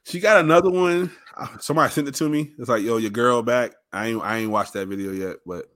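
A man's voice: medium pitch, steady tone, fast talker, a bit bright. A man co-hosting a podcast in casual chat, laid-back and teasing, happy to play devil's advocate. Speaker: podcast co-host.

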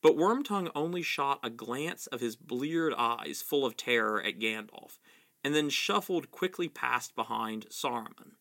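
A man reads a novel aloud, telling it steadily and evenly. His voice is bright and clear, and he now and then stumbles and corrects himself. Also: medium pitch, unhurried. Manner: steady storytelling with small slips. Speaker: reader.

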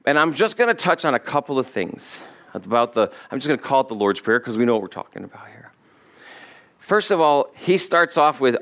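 A man preaching a sermon in a fairly high voice. He drags out key phrases for emphasis, quotes scripture, and asks his listeners questions directly. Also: expressive, moderate pace, fairly bright tone. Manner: addresses congregation directly with questions. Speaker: pastor.

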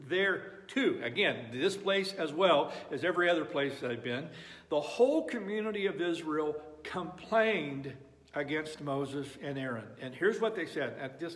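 A man's voice: on the high side, fairly bright tone. A man preaching a sermon, emphatic and repeating phrases for effect. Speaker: pastor. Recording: echoey hall reverb.

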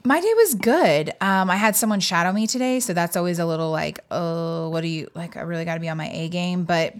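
A woman's voice: lowish voice, fast talker. A young woman co-hosting a podcast, chatting casually and laughing at herself. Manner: chatty, self-deprecating, laughs often. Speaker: podcast co-host. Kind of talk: casual chat.

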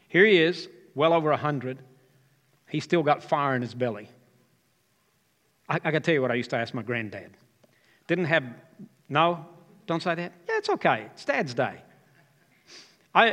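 A man's voice: fairly high pitch, a bit bright. A man in his fifties, a pastor, preaching a sermon and joking with the congregation. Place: church hall. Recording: live hall reverb.

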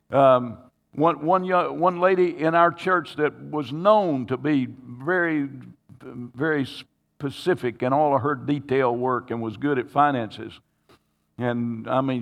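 Man, pastor, sermon testimony, earnest, halting restarts, mid-pitched, long hall reverb. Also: gravelly. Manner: earnest, stammering restarts, rising to emotional pleading.

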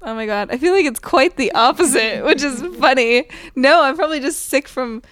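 A woman's voice: high voice, fairly quick, fairly bright tone, slight background noise. A young woman from Canada co-hosting a podcast in casual chat, giggly and full of fillers. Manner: chatty, giggly, lots of fillers. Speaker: podcast co-host.

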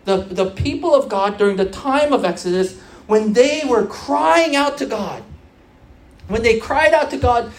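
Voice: mid-range voice, animated, measured pace. A preacher of Korean background giving an earnest sermon to young churchgoers, repeating phrases for emphasis and restarting often with fillers.

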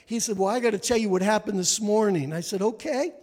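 A man preaching a sermon, telling stories dramatically and acting out the people in them, at times rising to a near shout. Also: high voice, fast, in a large hall. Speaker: guest preacher. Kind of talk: sermon storytelling. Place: church sanctuary.

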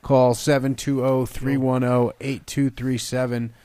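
Brisk, smooth-voiced man hosting a radio show. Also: medium pitch, little pitch movement, dark tone, no echo. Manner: brisk, hypes callers, repeats the call-in number. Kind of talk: casual radio banter.

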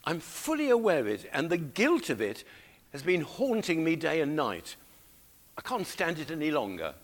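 A man's voice: a little high, huge pitch swings, moderate pace. A man voicing a repentant king, pleading fervently for mercy in prayer.

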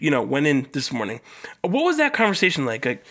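A man's voice: on the high side, fairly quick. Casual young man hosting a podcast. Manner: animated storyteller who swears freely and acts out the people in his stories. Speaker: podcast host. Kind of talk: casual solo podcast storytelling.

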